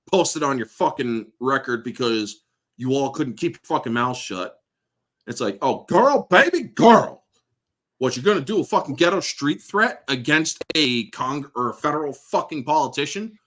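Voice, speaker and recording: Profane, animated ranting male host. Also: fairly high pitch. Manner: blunt, swears constantly, sarcastic. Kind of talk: profane political rant.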